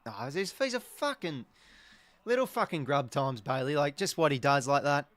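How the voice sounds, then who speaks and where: An Australian man hosting a live football watch-along, talking as an excitable, sweary fan who reacts to each play. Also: fairly high pitch, normal speed, dry recording. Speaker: host.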